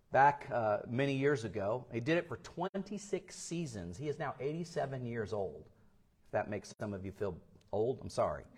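A male pastor preaching a sermon, telling stories and acting out the people in them with big swings in loudness. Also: a little high. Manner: storytelling, acts out quoted voices with big swings in loudness.

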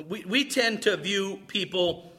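A man's voice: sits high, takes it slowly, breathy edge. A man preaching a sermon, telling stories dramatically and repeating words as he starts phrases. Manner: dramatic storytelling, swings between loud and hushed. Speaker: pastor.

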